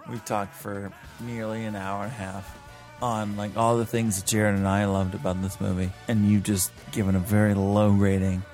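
Low-voiced man teasing his co-host. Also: level tone, moderate pace, a little mellow, faint music behind. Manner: teasing, prodding a co-host for more. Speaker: film podcast host. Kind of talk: casual podcast chat.

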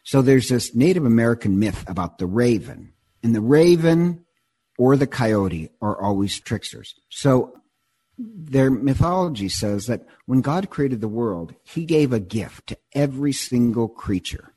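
A man in casual conversation, retelling a myth in an animated, digressive way and often repeating words as he goes. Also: mid-range voice, unhurried, husky.

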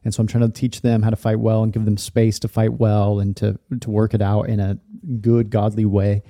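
A man's voice: on the low side, monotone, brisk, dark tone, no echo, studio quality. A man in his thirties, a podcast host, candidly telling a personal story in a loose, rambling way full of fillers. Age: 30s.

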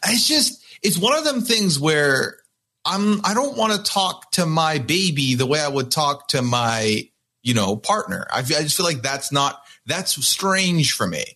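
Male co-host, animated and husky, slightly high voice, lots of swing. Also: unhurried. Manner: animated, does mock voices. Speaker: podcast co-host. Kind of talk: casual chat.

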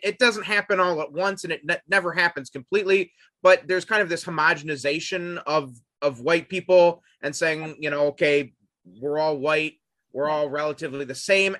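Man, panelist, reflective and hesitant, bright upper voice. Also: a little high, no room sound. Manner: thoughtful, hesitant restarts. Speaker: podcast panelist. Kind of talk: casual discussion.

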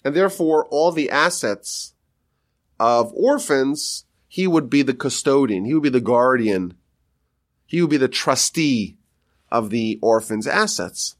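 A man, a rabbi, teaching a Talmud story with animated storytelling and quoted voices. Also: medium pitch, measured pace.

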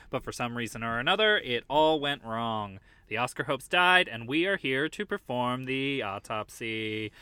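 Man, podcast host, higher-pitched, smooth, casual joking chat with fillers. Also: bright, forceful tone, dry recording.

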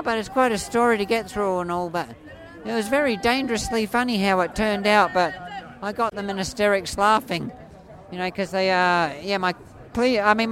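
A man in his forties with an Australian accent and a high voice often mistaken for a woman's, rambling through stories in an animated, playful way. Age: 40s. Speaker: street performer jester. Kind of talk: casual storytelling interview. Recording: faint crowd outdoors.

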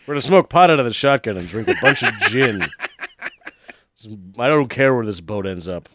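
A man's voice: mid-range voice, lively intonation, normal speed, very noisy. A man chatting casually about a movie, joking and laughing along with his friend. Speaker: podcast co-host. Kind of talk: casual movie recap chat.

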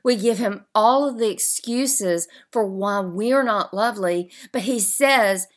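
A woman hosts a faith podcast and speaks in an unhurried, drawn-out way. She leans on key words with heartfelt emphasis. Now and then she lets her voice sink into soft, murmured asides. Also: medium pitch. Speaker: podcast host.

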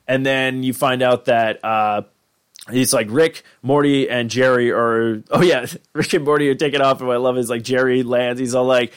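A male podcast host recaps an episode in a loose, rambling way, leaning on fillers and restarting his sentences. His voice sits at an ordinary middle pitch. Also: little pitch movement, moderate pace, clean tone.

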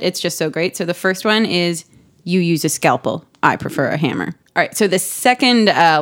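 A woman co-hosting a podcast in casual chat, talking in quick asides and laughing often. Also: fairly low pitch. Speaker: podcast co-host.

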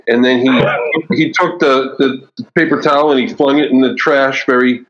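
A man who works as an agile coach and author, telling a story in an animated way on a podcast. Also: mid-range voice, moderate pace, highs cut off.

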